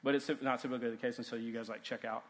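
A man in his thirties, a youth pastor, giving a casual, animated sermon full of stories and "like" fillers. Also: medium pitch, very fast. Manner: animated, chatty, heavy use of "like". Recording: long hall reverb.

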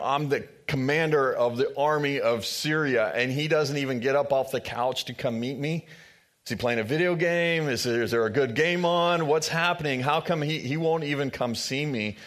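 A man's voice: on the low side, normal speed, lightly acted. A proud foreign commander, offended and sarcastic, grumbling about a snub, acted by a preacher. His voice lifts a little when the complaints pile up.

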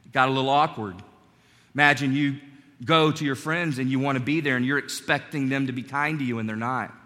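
A man from North Carolina preaching a sermon, telling stories in a conversational way with animated asides. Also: medium pitch, fairly quick. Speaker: pastor. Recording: long hall reverb.

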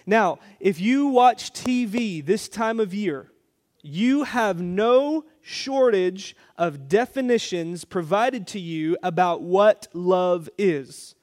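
A man's voice: high voice, slow, a little mellow. A man pastor preaching a sermon, telling a family story with playful asides and repeated phrases.

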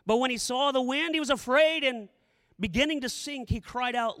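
A man's voice: extremely high pitch, a little fast, fairly bright tone, clear, resonant tone, long reverb tail. A middle-aged male pastor preaching a sermon, telling the story dramatically and repeating phrases for emphasis.

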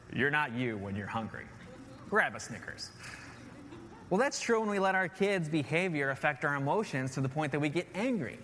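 A man's voice: fairly high pitch, fairly bright tone. A man in his thirties, a pastor preaching an earnest sermon and often repeating key phrases with "right?". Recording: long hall reverb, faint noise.

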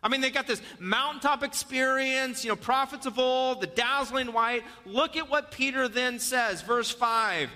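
High, bright pastor in a reverberant hall. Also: male voice, measured pace, hardly any pauses. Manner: animated storytelling, dropping to soft urging. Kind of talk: sermon. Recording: long reverb of a church hall.

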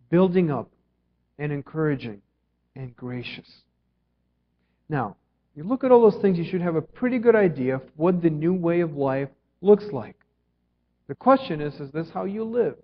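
A man preaching a sermon as pastor, earnest, moving between emphatic lines and hushed ones. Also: on the high side, animated, moderate pace. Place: church sanctuary. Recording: dull sound with long reverb in a hall.

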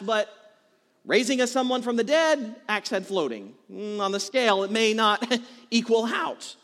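A man's voice: sits high, big-room sound. A man preaching a sermon as a pastor, talking casually and joking as he tells stories to his congregation. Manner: conversational, joking, animated storytelling.

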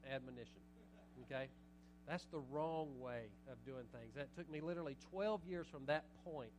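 A middle-aged pastor preaching a sermon, animated, moving between loud urging and quiet asides. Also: male voice, fairly high pitch, slight background noise, poor audio.

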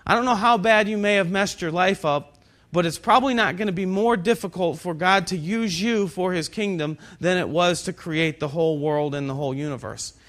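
Nasal, high-voiced preacher man. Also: fairly bright tone. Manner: slows down for scripture and key points. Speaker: pastor. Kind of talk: sermon. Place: cinema used as a church.

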